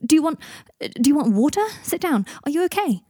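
A soft-spoken young wizard who stammers, read by a woman with a mellow, husky tone. He sounds unsure of himself and turns frantic under stress. The delivery is dry and close. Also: fairly high pitch, animated, fast, no echo. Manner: stammering, soft-spoken, panicky when frightened. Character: young wizard man, hesitant and gentle.

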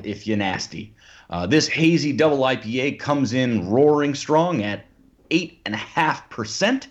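A man's voice: medium pitch, lively intonation, moderate pace. A man hosting a podcast in casual chat, playful and theatrical in his introductions. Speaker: podcast host. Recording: dull lo-fi podcast audio.

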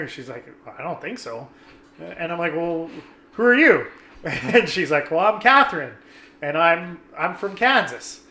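A young man, a guest, tells a casual story with animated swearing, acting out his friends' lines along the way. His voice is bright and slightly high, with a clear echo from the room.

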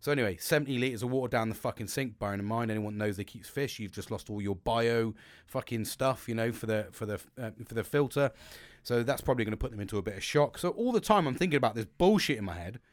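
A man's voice: mid-range voice, expressive, quick pace, no room sound, clean studio sound. A man hosting a podcast, telling a rambling, sweary story in a casual monologue. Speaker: podcast host.

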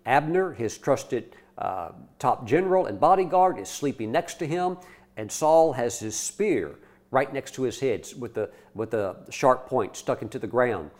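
A man preaching a sermon and retelling a story in an animated way, acting out the quoted lines and often restarting his sentences. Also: medium pitch, measured pace.

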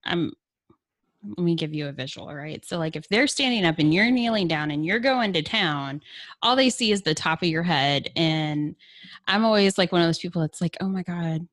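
A woman's voice: fairly low pitch, lively intonation, normal speed, a bit bright. A middle-aged woman from Kentucky with a Southern accent, chatting candidly and playfully as a podcast guest, often laughing. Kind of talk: frank casual chat.

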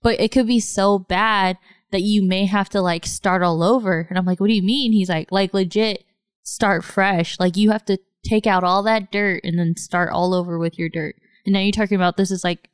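A woman chatting casually and telling stories with lots of animation, filling her talk with "like" and jumping up in pitch when she quotes friends. Her voice is smooth and clear, and it sounds dry and close to the mic. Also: no room sound. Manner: animated storytelling, lots of "like", acts out quotes in a higher voice. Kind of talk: casual chat.

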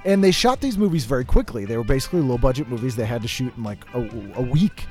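A man's voice: mid-range voice, lively intonation, quick pace, darkish tone, soft background music. Easygoing man telling a story. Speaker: podcast co-host. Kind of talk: casual chat, storytelling.

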